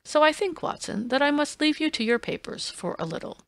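A woman's voice: high-pitched, lively intonation, fairly quick, no echo, voice pushed up. A woman voicing a cool, ironic male detective in an audiobook, dry and teasing. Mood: measured. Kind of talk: audiobook reading.

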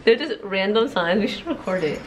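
A woman vlogging in casual chat, playful and quick to giggle. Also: mid-range voice, animated, background noise.

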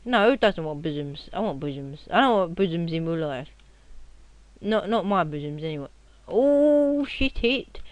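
A young man giving casual gameplay commentary at his computer, rowdy and swearing, often yelling at the game. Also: a little high, moderate pace, dry recording. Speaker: gaming commentator.

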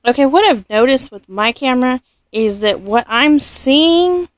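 High-voiced gushing woman vlogger. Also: animated, unhurried. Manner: gushing, often drops to a soft near-whisper; rambling, self-correcting. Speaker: reborn doll collector. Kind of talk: casual unboxing vlog.

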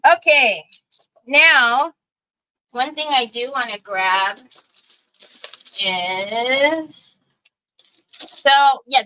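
A woman chats her way through a craft livestream, folksy and full of little exclamations aimed at her viewers. Her voice sits a touch high and has a bright, forward ring. She takes her time and never rushes a sentence. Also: rough recording. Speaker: craft show host. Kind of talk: casual livestream craft chat.

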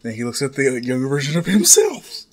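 A man's voice: mid-range voice, huge pitch swings, fairly quick. A man casually retelling a fan fiction story in a rambling, off-the-cuff way, swearing freely.

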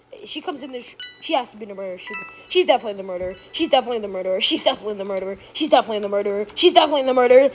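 Excitable high-voiced woman streamer. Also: quick pace, slight background noise, rough recording. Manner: excitable, jumps to high yelps when chased; casual, says "bro" a lot. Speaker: game streamer. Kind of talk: live gameplay commentary.

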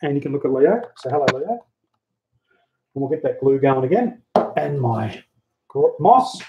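A man giving a relaxed, chatty how-to while working on a hobby model at home, talking into a handheld camera. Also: mid-range voice, moderate pace, noisy background. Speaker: hobby model builder, channel host. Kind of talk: casual how-to crafting chat. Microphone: handheld camera mic. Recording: dull lo-fi camera audio.

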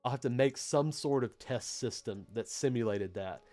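Man, southern us accent, casual live tech lesson, rambling, filler-heavy, mid-pitched, faint music behind. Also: normal speed, a little mellow. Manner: rambling, chatty, many fillers. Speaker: PLC training host.

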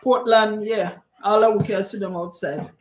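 Woman host, chatty live-stream, greets viewers by name, echoey room, mid pitch. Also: steady tone, normal speed, a little hiss or hum. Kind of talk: live-stream chat, reading out viewer comments.

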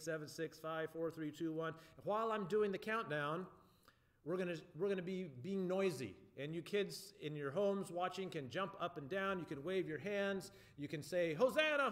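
High-voiced man giving a children's sermon. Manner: animated, upbeat, talks to children in simple words. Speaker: church children's message leader. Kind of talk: children's sermon addressed to kids at home.

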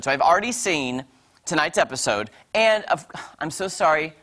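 A woman on a morning TV show chatting about series she has watched, gushing and animated, full of quick asides. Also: on the low side. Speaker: entertainment reviewer on a morning show. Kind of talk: casual TV review chat.

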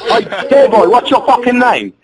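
Man, shouting, swearing, high voice, lively pitch, crowd noise behind. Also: moderate pace. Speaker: caller.

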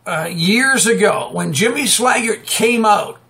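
Gravelly high-pitched man preaching in bursts. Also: expressive, unhurried. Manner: rambling and emphatic, with sudden loud outbursts and chuckles. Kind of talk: fiery unscripted preaching monologue.

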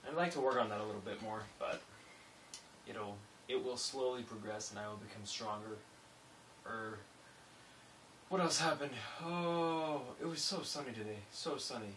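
A young man vlogging casually, rambling and self-mocking, swinging between low mumbles and sudden loud bursts. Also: moderate pace, long pauses, a little hiss or hum. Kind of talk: casual vlog monologue. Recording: roomy echo, a bit distant from mic.

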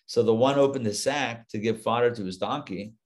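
A man, a rabbi, teaching a live Torah class, retelling the story with lively asides and acted-out lines. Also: medium pitch, brisk. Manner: animated storytelling, acts out the biblical lines, chatty asides.

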